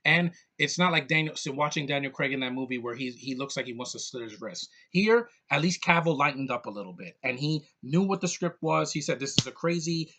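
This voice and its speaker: Bright-voiced rambling male movie reviewer. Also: medium pitch, expressive, brisk, hardly any pauses. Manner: rambling, blunt and jokey, with frequent fillers. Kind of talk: casual movie review monologue.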